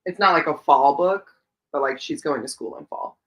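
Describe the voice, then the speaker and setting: In a muffled recording, a woman with a low voice and lively intonation talks at a moderate pace. Hosting a relaxed livestream, she reads viewer comments and answers them, rambling and thinking aloud with lots of fillers.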